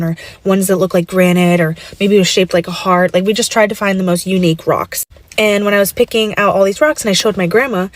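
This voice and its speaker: Earnest, rambling mom telling a story. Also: female voice, medium pitch, dry recording, low-quality recording. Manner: earnest, rambling, with frequent ums. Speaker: stay-at-home mom. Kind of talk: personal storytelling vlog.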